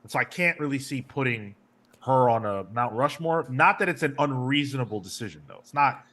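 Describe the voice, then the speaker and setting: A man's voice: medium pitch, lively intonation, fairly quick, fairly bright tone. A man hosting a casual comics podcast, joking and reading out listener comments. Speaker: podcast host. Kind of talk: casual chat.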